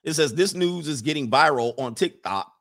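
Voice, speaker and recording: Animated man in his forties, AAVE. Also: fairly high pitch, normal speed, creaky. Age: 40s. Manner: animated, laughing, slangy storytelling. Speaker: commentator. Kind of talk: casual comedic commentary.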